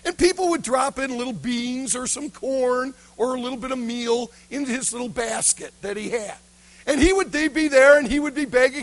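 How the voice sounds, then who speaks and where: A man preaching a sermon, telling a story dramatically, swinging from loud shouts to near whispers. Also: very high-pitched, moderate pace, rough recording.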